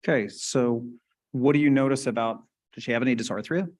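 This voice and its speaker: Male conference speaker, casual lecture delivery, mid-pitched, keeps checking in with listeners. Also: brisk, a little mellow. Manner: conversational, asks the audience "right?" often. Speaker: conference lecturer on stroke speech therapy. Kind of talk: clinical lecture.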